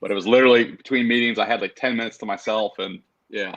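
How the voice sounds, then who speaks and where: A man's voice: on the low side, fairly even intonation, fast talker, a bit bright, dull audio. A man joining a casual interview as the guest over a video call. He talks in an easygoing way, with lots of fillers and easy laughs. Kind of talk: casual chat.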